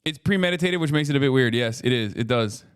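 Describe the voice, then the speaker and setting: A man's voice: medium pitch, animated, quick pace, clear, resonant tone. A man talking casually as a streamer while reacting to a video, rambling and swearing a lot as he acts out how strangers react to him. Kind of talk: casual profane commentary.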